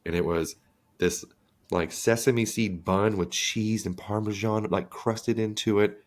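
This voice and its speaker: Low-voiced male podcast co-host; casual, crude, animated storyteller. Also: a little slow. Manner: animated, crude storytelling with excited jumps in pitch. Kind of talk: casual chat.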